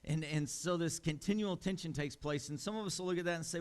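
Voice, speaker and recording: Male church pastor, relaxed chatty sermon delivery, slightly high voice, in a church. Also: fast talker. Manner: conversational, with fillers and amused asides.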